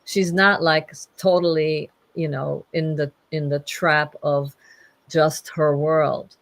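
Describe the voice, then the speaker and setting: A woman's voice: low-pitched, little pitch movement, slow, dry recording. A woman in casual conversation, playful and teasing, laughing often.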